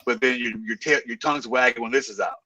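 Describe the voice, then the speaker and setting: A man's voice: mid-range voice, fast, bright, forceful tone, no room sound. A man co-hosting a live bodybuilding watch party, speaking in a blunt, slangy, emphatic way. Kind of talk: casual live-stream chat. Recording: dry sound from a distant mic.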